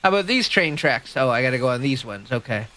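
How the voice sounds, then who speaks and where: A woman streaming a video game, chatting casually with her viewers and jumping into a high, squeaky voice when she gets excited or nervous. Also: quick pace. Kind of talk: casual gameplay commentary.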